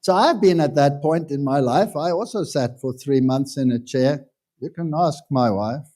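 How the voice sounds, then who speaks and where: Man, pastor, casual sermon storytelling, self-mocking humor, fairly high voice, mellow tone. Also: normal speed. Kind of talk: anecdotal sermon talk.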